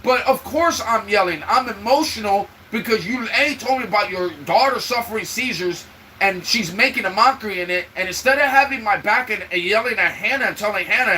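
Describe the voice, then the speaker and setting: A man's voice: high-pitched, lively intonation, brisk, sharp tone, a little hiss or hum, rough recording. A man hosting his own live stream, venting emotionally and talking straight to his viewers in casual chat. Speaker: livestream host. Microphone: own microphone for the live stream.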